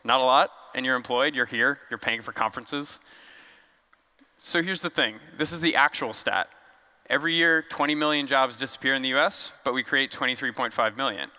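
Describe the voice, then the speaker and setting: A man's voice: medium pitch, fairly quick, pushed and bright, big-room sound. A man giving a casual, joking conference talk on stage, loose and conversational with fillers. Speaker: conference speaker. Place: large conference hall.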